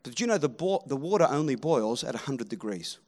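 A man preaching a sermon, animated and rallying the crowd, swinging between loud calls and hushed moments. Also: mid-range voice, fast.

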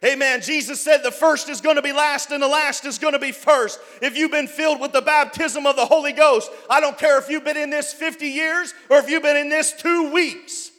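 Man, pastor, very high voice, shouting sermon, long echo. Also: steady tone, a little fast, hardly any pauses. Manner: preaching with rising shouts. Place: church.

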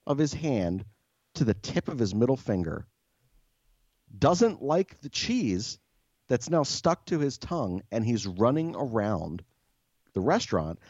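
A man's voice: mid-range voice, darkish tone, no echo, dull audio. A man co-hosting a podcast, telling a story in a profane, exasperated rant. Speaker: podcast co-host. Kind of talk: casual storytelling.

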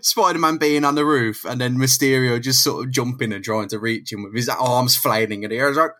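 A man's voice: mid-range voice, brisk, sharp tone. A man co-hosting a podcast, reacting to the story and riffing on scenes with jokes. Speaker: podcast co-host. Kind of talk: casual chat about a comic book.

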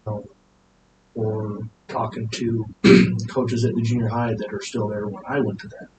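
A man from Utah chats as a podcast guest in an easygoing, storytelling way. His voice is mid-pitched and bounces around a roomy space, with a noticeable noise in the recording. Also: little pitch movement, normal speed. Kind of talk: casual podcast chat.

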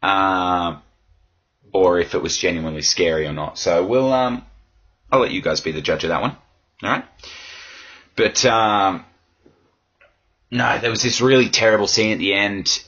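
A man hosting a casual solo podcast. His voice is hoarse from yelling, and he rambles in a crude, self-mocking way. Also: low-pitched, unhurried, pauses often, lo-fi sound. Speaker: podcast host.

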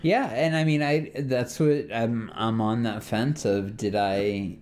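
A man's voice: medium pitch, steady tone, takes it slowly, darkish tone, a little hiss or hum. A man co-hosting a podcast, reflecting aloud in casual chat and restarting his sentences. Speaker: podcast co-host. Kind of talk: casual conversation.

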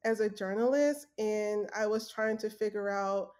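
A woman's voice: mid-range voice, measured pace, a little mellow. An earnest young adult woman telling her story in a casual interview, with fillers and restarts. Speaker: guest, former journalist.

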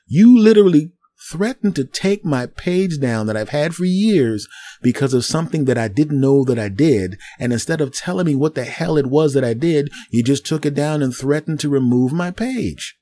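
A middle-aged man hosting a solo podcast, ranting in an animated way and acting out voices as he goes. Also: on the high side, normal speed. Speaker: podcast host.

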